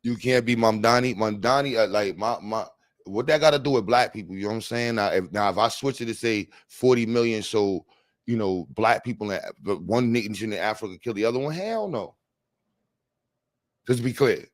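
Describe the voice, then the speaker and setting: A young man hosting a livestream panel, talking in slang, animated and joking, reading the chat aloud. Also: fairly low pitch, normal speed, dry recording. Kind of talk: casual livestream talk. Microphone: streaming mic.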